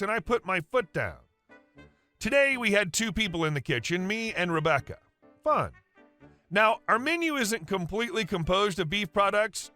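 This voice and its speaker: A man with a high, bright voice reads stories aloud in a brisk, even, scripted way. Soft music sits faintly beneath him. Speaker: narrator of reddit stories. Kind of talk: scripted story narration.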